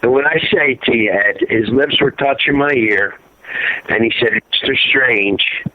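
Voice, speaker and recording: A man's voice: mid-range voice, normal speed, no room sound. Middle-aged man on a tinny phone line. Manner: rambling, repetitive, fills with "you know" and "uh". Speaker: guest, father of a fallen serviceman. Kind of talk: emotional phone interview.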